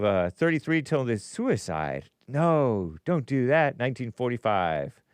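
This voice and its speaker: A man hosting a live call-in show, talking casually and thinking aloud. His voice is smooth and resonant. The sound is dry and close, with no room echo. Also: mid-range voice. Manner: musing aloud, stumbling over pronunciations. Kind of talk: casual live-stream chat.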